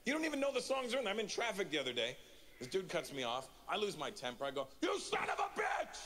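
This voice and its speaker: A man's voice: fairly high pitch, big pitch swings, rapid-fire, a bit bright. A man in his forties from Canada performing a stand-up comedy routine, telling a story and acting out the quotes. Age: 40s.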